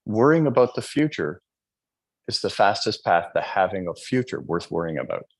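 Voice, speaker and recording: Man, motivational speaker, low husky voice, very animated pitch, fervent, quizzes the audience. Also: normal speed. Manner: fervent, often asks the audience questions; acts out quotes in changed voices. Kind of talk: live motivational speech.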